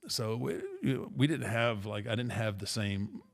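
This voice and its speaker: A middle-aged man casually telling a rambling, self-deprecating story with restarts, in a gravelly voice. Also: fairly low pitch, fairly even intonation, normal speed. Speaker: podcast guest storyteller.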